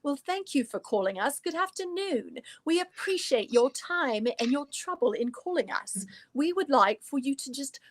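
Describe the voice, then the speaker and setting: Woman putting on a fairly high, prim British-accented receptionist, very courteous. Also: expressive, normal speed, hardly any pauses. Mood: polite. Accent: British English. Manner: prim and overly polite. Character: proper English shop receptionist woman.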